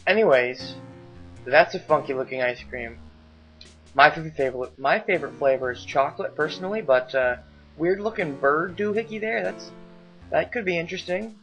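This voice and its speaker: A man's voice: fairly high pitch, moderate pace, fairly bright tone. A man giving casual, rambling game commentary, hesitating often, in a slightly muffled recording with faint game music behind. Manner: rambling, hesitant, lots of fillers. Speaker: let's play commentator.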